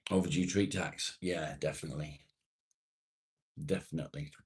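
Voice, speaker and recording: A man's voice: a bass voice, steady tone, normal speed, darkish tone. A middle-aged man chatting casually on a live stream, reading out viewer comments in a laid-back way and swearing freely.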